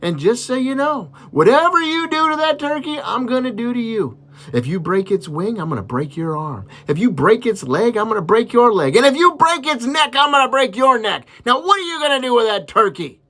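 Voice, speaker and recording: A stern middle-aged game warden, as a man telling a joke puts him on. He talks in an emphatic, threatening way, and his pitch climbs and swings a lot. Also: very animated, brisk, sharp tone, heavily acted.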